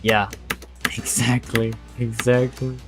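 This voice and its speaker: A man's voice: medium pitch, little pitch movement, slow, music in the background. A man streaming a game, talking to himself and his chat in a rambling, casual way and calling people "bro". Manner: chatty, rambling, says "bro" a lot. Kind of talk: live gameplay commentary.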